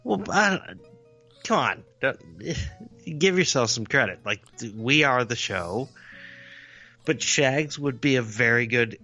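A man's voice: mid-range voice, animated, a little slow, sharp tone, soft background music. A man co-hosting a podcast, talking earnestly and emphatically, with frequent restarts. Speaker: podcast co-host. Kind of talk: casual chat.

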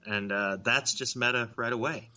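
A man's voice: medium pitch, steady tone, normal speed, sharp tone, soft background music. A man co-hosting a podcast in casual chat, rambling, poking fun at himself and swearing freely. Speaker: podcast co-host.

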